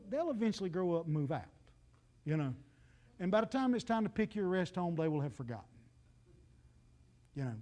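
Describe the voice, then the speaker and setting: A man's voice: high-pitched, warm tone. A man, preaching a folksy, joking sermon and talking straight to the congregation. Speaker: pastor.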